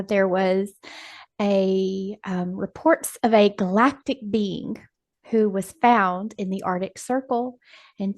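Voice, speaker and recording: A woman's voice: mid-range voice, darkish tone. A woman hosting a group session, reading out questions in a chatty, loose way. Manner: chatty, hesitant with fillers, relays questions.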